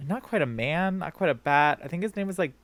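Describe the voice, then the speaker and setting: A man with a slightly high voice playing an online tabletop game, telling his character's story in a laid-back, deadpan way. The sound is dry and close on a video call. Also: fairly quick, no echo. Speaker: player.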